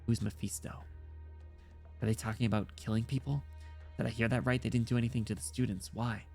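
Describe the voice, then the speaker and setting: A man reading aloud, voicing a frightened young female student who hides from guards, murmuring her thoughts in a hushed, anxious way. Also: mid-range voice, flat delivery, a little fast, creaky, faint music behind, close to an everyday voice. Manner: hushed, anxious inner monologue.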